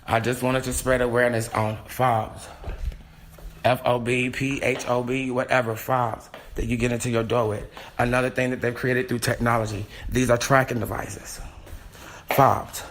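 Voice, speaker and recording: A man hosting a solo podcast from home, talking in an excitable, scattered and heated way. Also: mid-range voice, moderate pace, slight background noise. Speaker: podcast host. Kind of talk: rambling solo podcast monologue.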